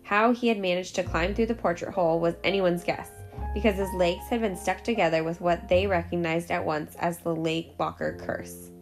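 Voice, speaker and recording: A woman reading a novel aloud in a steady, clear way, with small slips now and then. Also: fairly low pitch, normal speed, soft background music. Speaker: storyteller.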